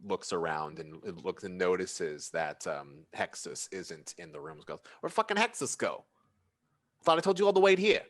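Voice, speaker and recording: A man's voice: low voice, sing-song, normal speed. A man voicing a tiny, mousy male denizen who is impatient, brash and swears a lot. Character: mousy tiny male denizen, harried, foul-mouthed boss.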